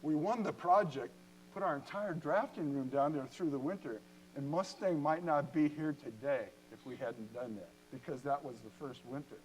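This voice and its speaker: An older-sounding man, a company co-founder, gives an animated storytelling talk in a university lecture hall, joking and drawing laughs. His voice sits on the high side at a normal speed, in a low-quality recording with slight background noise.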